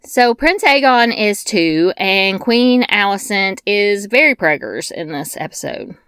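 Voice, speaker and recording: A woman's voice: mid-range voice, lively intonation, measured pace, a bit bright, clean tone, dry recording, clean studio sound. A woman hosting a scripted TV episode recap, dropping wry, blunt asides and casual swearing. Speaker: TV recap host.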